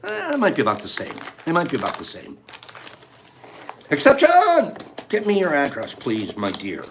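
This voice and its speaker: A man's voice: lowish voice, huge pitch swings, fairly quick, gravelly, fairly bright tone, a little hiss or hum. A man hosting a casual livestream, chatting playfully and teasing his viewers. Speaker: livestream host.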